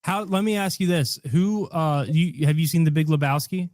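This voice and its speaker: A man's voice: a little high, normal speed, darkish tone, no echo, studio quality. A man hosting a casual podcast chat, joking around and playfully mispronouncing names, with lots of fillers. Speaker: podcast host.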